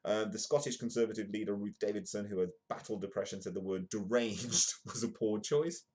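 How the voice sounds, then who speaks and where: A man's voice: lowish voice, fairly quick, a little mellow. A man hosting a comedic live news show, reading newspaper stories aloud and breaking off for jokey asides. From United Kingdom. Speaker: host.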